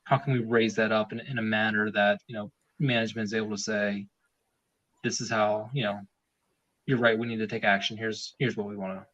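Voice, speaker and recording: A man's voice: lowish voice, fairly bright tone. A man talking as a podcast guest in a rambling, casual way, with many fillers and restarts. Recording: dull lo-fi sound.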